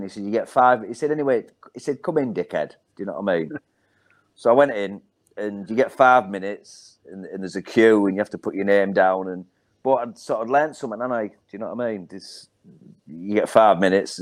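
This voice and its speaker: Rambling Hull-accented comedian telling stories. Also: male voice, fairly low pitch, brisk. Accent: Hull, Yorkshire. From Hull, England. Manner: rambling anecdotes with many ums and self-repeats. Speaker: stand-up comedian guest. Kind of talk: casual storytelling on a podcast.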